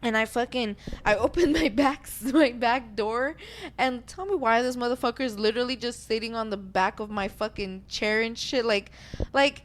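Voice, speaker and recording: Young woman podcast host, slightly high voice, profane, animated casual storyteller. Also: moderate pace.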